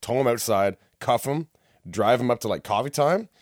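A man's voice: mid-range voice, normal speed, no echo, studio quality. A man on a casual podcast, telling a story and acting out the people in it. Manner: animated storyteller who acts out the people in his tale. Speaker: podcast co-host.

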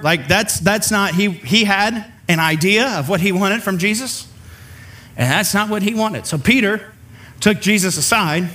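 A man's voice: sits high, pushed and bright. A man preaching a sermon in a conversational way, acting out the people in the story as he goes. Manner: conversational, acts out the figures he quotes. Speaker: pastor.

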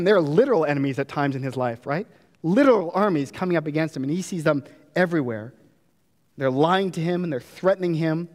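A man's voice: on the high side, darkish tone, long reverb tail. A man preaching a sermon earnestly, acting out prayers with rising drama. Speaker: pastor.

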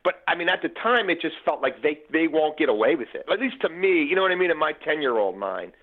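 Man, forties, from the Baltimore area, casual podcast guest, rambling and animated, narrow phone-line audio. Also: a little high, quick pace. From Baltimore area, USA. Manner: animated storyteller, frequent fillers and restarts. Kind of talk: casual conversation.

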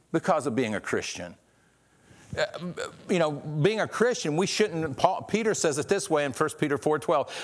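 A man preaching a sermon in a conversational way, often repeating and restarting words and rising in pitch when he stresses a point. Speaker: pastor.

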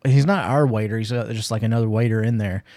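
A podcast co-host with a lowish male voice tells a story fast in casual chat, cursing freely and getting loud and laughing at the climax. There's no room sound.

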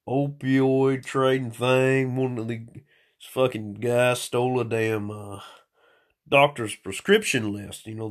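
Rough-voiced man, slightly hoarse, profane rambling monologue recorded on a phone at home. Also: medium pitch. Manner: profane, rambling stream of consciousness. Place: small room at home.

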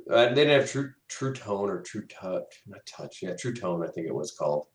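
Low-voiced man in an echoey room. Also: expressive, moderate pace. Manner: unsure, trailing off mid-thought. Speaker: podcast co-host. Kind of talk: casual tech chat.

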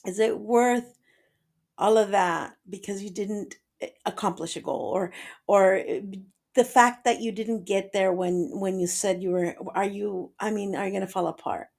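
A woman's voice: mid-range voice, fairly even intonation, normal speed, vocal fry, darkish tone. A woman in her forties hosting a solo podcast, talking in an earnest, personal way and slipping Spanish phrases into her talk. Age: 40s. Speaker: podcast host. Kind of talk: reflective solo podcast monologue.

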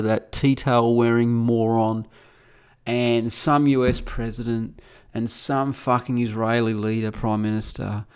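A middle-aged man talking solo in a mid-range voice, blunt and combative. He swears freely and grows heated and loud as he goes. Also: medium pitch, clean tone. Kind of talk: solo ranting monologue.

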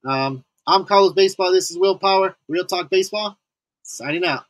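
A man's voice: high-pitched, normal speed, a little hiss or hum, poor audio. A man co-hosting a casual fantasy baseball podcast, laughing often and restarting his sentences. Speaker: podcast co-host. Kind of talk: casual sports chat.

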